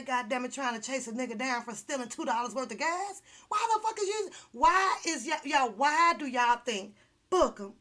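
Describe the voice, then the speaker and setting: A woman vlogger in a casual, animated livestream rant, profane and teasing, often laughing mid-sentence. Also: sits high. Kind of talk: casual ranting livestream commentary.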